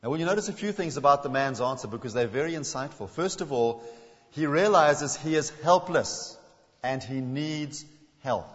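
A man delivering a sermon in a large hall, his voice trailing off into a long reverb. He moves between emphatic points and hushed, slowed quotations. The sound is a little dull and muffled. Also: a little high, expressive. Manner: dramatic, drops to a hush when quoting. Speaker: guest preacher.

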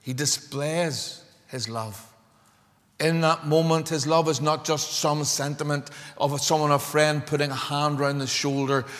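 A male preacher delivers a fervent sermon, pressing his points with rising emphasis. His voice trails off into the long echo of a large church. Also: medium pitch. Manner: impassioned, building to emphatic climaxes.

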